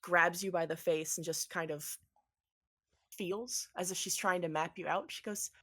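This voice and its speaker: A woman's voice: on the low side, steady tone, unhurried, pushed and bright. A woman narrating as game master in a tabletop game, with many ums as she meanders through descriptions.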